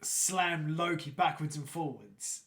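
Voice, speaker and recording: A man's voice: a little high, expressive, slow pace, fairly bright tone. A man hosting a podcast, chatting casually with a rambling, profane, often laughing manner. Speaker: podcast host. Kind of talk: casual chat.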